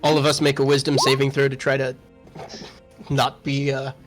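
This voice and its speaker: A man's voice: mid-range voice, monotone, normal speed, over music. A man playing in a tabletop game, joking around in a laid-back way. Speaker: player. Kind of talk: casual chat in a tabletop game.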